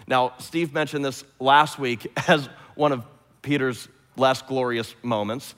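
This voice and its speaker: A man preaching a sermon, retelling scripture with lively, humorous storytelling. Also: mid-range voice, a little slow, in a large hall. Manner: animated storytelling, imagines scenes aloud with humor. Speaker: pastor.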